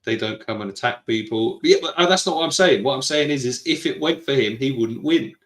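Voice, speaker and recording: His medium-pitched, slightly bright voice moves briskly through a reverberant space. This British man co-hosts a podcast, casually reading live chat messages, teasing and arguing with his co-host, and laughing a lot.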